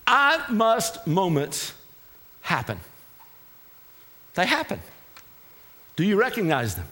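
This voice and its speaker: A male guest preacher from Texas delivering a sermon in a church, swinging between shouted exhortation and quiet, confiding asides with repeated refrains. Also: high-pitched. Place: church sanctuary with congregation.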